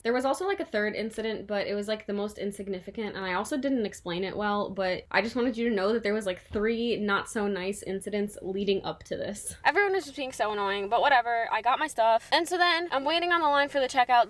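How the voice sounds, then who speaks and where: A woman's voice: a little high, fairly bright tone. A young woman vlogging from her car, chatting with lots of fillers, upset and close to tears. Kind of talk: casual vlog chat. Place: in a parked car.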